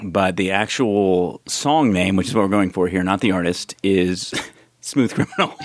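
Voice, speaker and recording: A man's voice: low-pitched, no room sound. A man on a team in a casual podcast trivia game, joking and laughing often. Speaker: quiz contestant.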